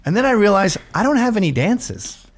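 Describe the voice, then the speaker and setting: A middle-aged man, the host, telling a comic story in a lively way, laughing often and mimicking others. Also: high-pitched, fairly quick, noisy background. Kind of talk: animated comedic storytelling.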